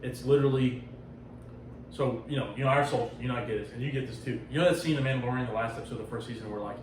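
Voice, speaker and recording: A man hosts a loose comic book chat, talking quickly and cursing freely as he acts out the lines of each character. He sounds a little far from the mic in a roomy, echoing space with faint noise underneath. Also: mid-range voice. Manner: animated, profane retelling with acted-out quotes. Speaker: podcast host. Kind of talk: casual comic book discussion.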